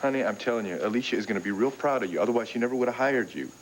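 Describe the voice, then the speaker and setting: An actor playing a cheerful, reassuring young husband, in 1980s TV soap acting. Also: male voice, medium pitch, lively intonation, very fast, a little hiss or hum, close to an everyday voice, low-quality recording. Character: upbeat, supportive young husband.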